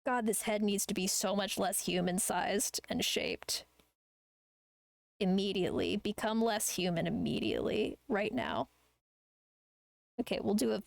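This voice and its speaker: A woman's voice: mid-range voice, unhurried, creaky, dry recording. A woman chatting casually while she draws on a live art stream, rambling and ranting with plenty of swearing. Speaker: artist streamer.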